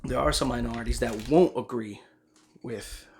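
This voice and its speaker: A man who is a voice actor and the host of his own channel, giving emphatic, profane commentary to camera that swings between loud and soft. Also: mid-range voice, moderate pace, a little hiss or hum.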